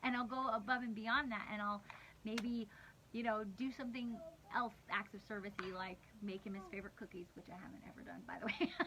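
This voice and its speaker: A woman's voice: medium pitch, fairly even intonation, fairly quick, noisy background. A woman in her thirties leading a livestreamed church devotional, telling a personal story in a rambling, candid way and laughing often mid-sentence. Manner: rambling, conversational storytelling with many restarts. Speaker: worship leader sharing a devotional.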